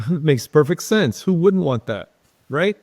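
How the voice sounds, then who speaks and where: A man's voice: on the high side, lively intonation, takes it slowly, a little mellow, breathy edge, no echo, studio quality. A man hosting a podcast who chimes in with short questions and brief agreeing remarks. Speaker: podcast host. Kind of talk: casual podcast conversation.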